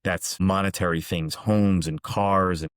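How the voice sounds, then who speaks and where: A man hosting a reflective monologue, calmly and earnestly recounting parables. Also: deep voice, measured pace, clear, resonant tone, dry recording, studio quality. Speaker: host, executive coach.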